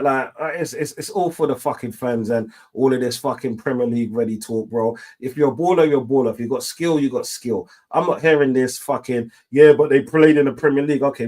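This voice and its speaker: A man's voice: mid-range voice, darkish tone. A man hosting a football fan call-in show, ranting heatedly with heavy swearing and slang.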